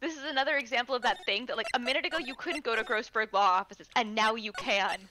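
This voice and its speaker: A woman's voice: on the high side, fast talker, background noise. A woman co-playing a game on a stream, chatting casually in a playful, joking way. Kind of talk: casual chat.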